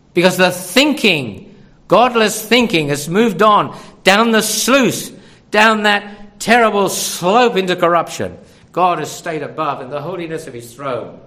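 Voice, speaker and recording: A man's voice: sits high, bright, forceful tone. An older man preaching a sermon, conversational and full of rhetorical questions.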